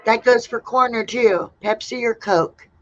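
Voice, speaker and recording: A woman hosting a casual livestream, reading out viewers' answers one by one in a relaxed way. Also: fairly high pitch, moderate pace, slight background noise. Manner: relaxed, reads out chat replies one by one. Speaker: livestream host. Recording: dull lo-fi sound.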